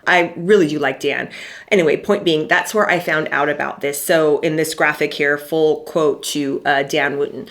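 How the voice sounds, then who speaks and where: A woman's voice: low voice, steady tone, normal speed. A middle-aged woman hosting a casual commentary vlog, talking in a chatty way with dry, sarcastic asides and plenty of fillers.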